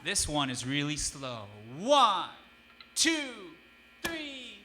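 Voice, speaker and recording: A man who is a musician teaching a young audience, lively and encouraging as he coaxes them to answer. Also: fairly high pitch, drawn-out words, a little hiss or hum. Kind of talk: interactive music lesson for kids.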